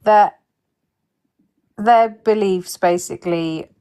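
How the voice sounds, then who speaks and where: A woman's voice: mid-range voice, takes it slowly, mellow, clean tone, low-quality recording. A woman hosting a casual live stream, talking in a combative, sarcastic way and swearing.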